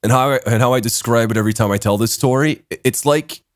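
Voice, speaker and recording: A young man hosting a podcast, telling a story in casual chat, animated, swearing a lot and laughing as he talks. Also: mid-range voice, quick pace, no echo, studio quality. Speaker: podcast host.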